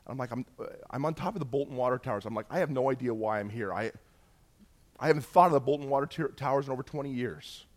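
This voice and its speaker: A middle-aged Canadian man shares a personal testimony as a story, speaking fast and acting out the dialogue with jumps in pitch and loudness.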